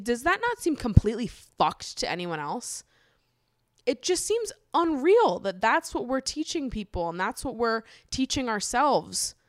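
A woman's voice: medium pitch, no room sound, clean studio sound. A woman in her twenties speaking her mind about feelings in a candid, heated solo monologue, filling her talk with "like" and swearing freely. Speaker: podcast host. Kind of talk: personal monologue.

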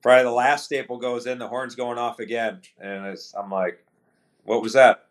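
A middle-aged man, a retired hockey player, telling stories as a podcast guest in a relaxed, anecdotal way and acting out quoted dialogue. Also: medium pitch, moderate pace. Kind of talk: casual storytelling interview.

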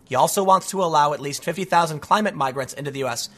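A man giving an animated, sarcastic political commentary, talking casually and sounding a bit stuffy from allergies. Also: a little high, fast talker. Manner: animated and sarcastic, with frequent mocking voices. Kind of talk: casual opinion monologue.

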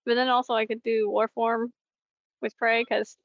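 A woman playing a tabletop role-playing game, giggly, swearing and thinking out loud. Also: fairly high pitch, flat delivery, normal speed, no room sound, lo-fi sound. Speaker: player. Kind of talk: casual tabletop game play.

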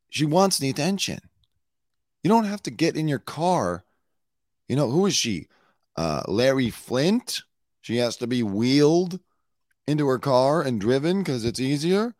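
A man hosting a casual comedy news show, talking bluntly in a hoarse voice, swearing and drifting into asides. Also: medium pitch, very animated, a little slow, pauses often, darkish tone, no room sound, clean studio sound. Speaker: show host and former celebrity news producer.

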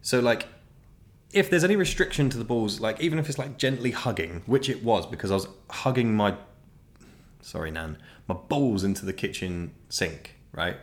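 A man's voice: fairly low pitch, animated, moderate pace. Man, young, self-mocking, rambling, fillers, comic anecdote. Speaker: podcast host. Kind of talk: comic storytelling.

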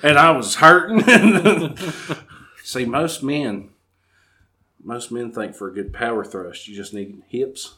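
A man, co-hosting a podcast with joking, quick banter. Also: mid-range voice. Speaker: podcast co-host. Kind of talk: casual chat.

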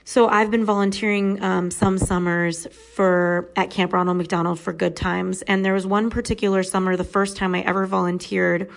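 A woman's voice: medium pitch, flat delivery, moderate pace, vocal fry, hardly any pauses. A woman in her thirties telling a personal story in an earnest, reflective, motivational way. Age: 30s.

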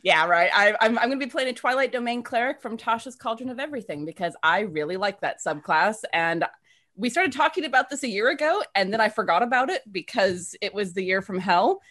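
An American woman, a player in a tabletop game, chatting casually and excitedly with frequent laughs and restarts. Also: fairly high pitch, fairly quick. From United States.

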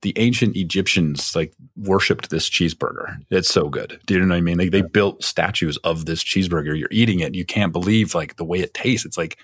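A man's voice: low-pitched, a little fast, hardly any pauses, husky, dry recording, clean studio sound. A man spinning a long rambling story in casual chat, full of fillers.

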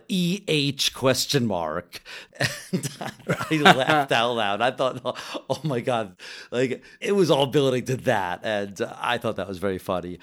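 A young man with a medium-pitched voice co-hosts a casual podcast reviewing films. He talks animatedly, swears casually, and trips over his words.

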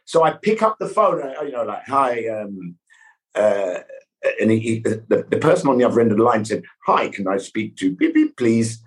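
A middle-aged man, a guest actor, telling anecdotes with lively sound effects and voices. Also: mid-range voice, moderate pace. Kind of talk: animated storytelling.

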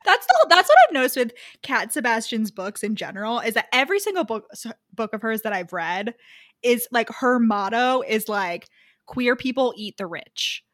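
A woman co-hosting a casual book podcast, animated and laughing often, with lots of "like"s. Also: a little high, normal speed, no room sound, studio quality. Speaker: podcast co-host.

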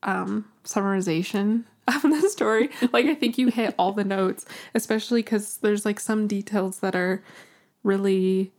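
Woman, podcast co-host, casual discussion, affirming, filler words, middle pitch. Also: moderate pace, darkish tone.

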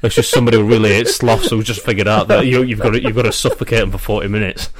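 A man's voice: on the low side, steady tone, rapid-fire, no room sound. A young man, co-hosting a casual podcast chat, blunt and swearing freely. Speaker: podcast co-host.

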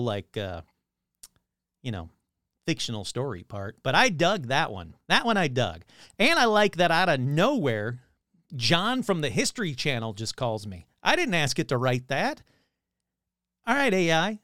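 A man with a slightly high, fairly bright voice hosts a paranormal show, reading AI-written scripts aloud and dropping wry comments along the way. He sounds amused and keeps interrupting himself. The studio recording is clean, with no echo.

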